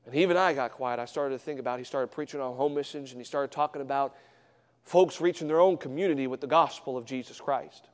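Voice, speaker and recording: A man preaching a sermon as a traveling missionary, swinging from hushed storytelling to loud, fervent exhortation in a church. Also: medium pitch, quick pace, clear, resonant tone, in a large hall. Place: church sanctuary.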